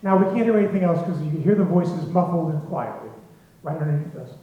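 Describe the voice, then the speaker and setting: Male storyteller, lively and chuckling; higher voice, dull lo-fi echoey hall sound. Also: fast talker. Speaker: storyteller at a symposium. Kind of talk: spoken anecdote to a live audience.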